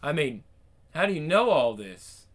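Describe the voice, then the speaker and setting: A man's voice: fairly high pitch, very animated, a little slow. A man voicing a nervous, bewildered young man. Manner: hesitant, unsure.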